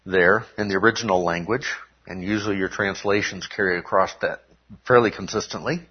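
A man's voice: fairly low pitch, breathy edge. A man preaching a sermon to his congregation, teaching step by step and often checking in with "okay?". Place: church service. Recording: dull lo-fi recording.

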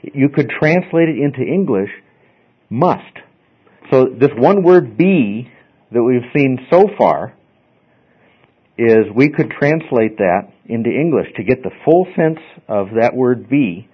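A man's voice: medium pitch, animated, takes it slowly, husky. Male teacher mid-lecture in a classroom, patient explainer, slightly dull lo-fi recording. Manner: explains step by step, checks in with frequent "okay?". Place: classroom with students.

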